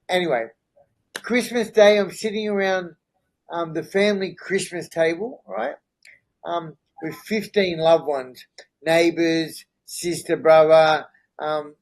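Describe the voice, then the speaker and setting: Candid and earnest, this middle-aged podcast guest recounts his own story in a fairly high, darkish voice, often checking in with "right?" and "you know?". The recording is rough.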